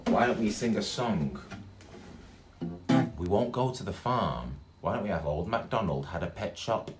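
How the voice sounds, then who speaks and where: A man reading a story aloud to children, animated and full of gasps and exclamations. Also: lowish voice, moderate pace. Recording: echoey room with faint guitar.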